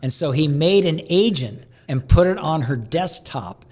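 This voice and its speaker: A man being interviewed as a guest, telling energetic stories and often restarting mid-sentence. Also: a little high, a little slow. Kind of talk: conversational interview storytelling.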